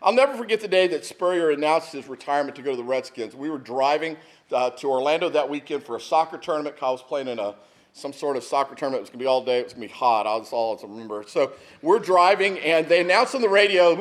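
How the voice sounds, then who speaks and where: Middle-aged pastor, higher pitch, tells stories in a conversational sermon. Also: male voice, lively intonation, fast. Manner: conversational storytelling, asks the room "right?".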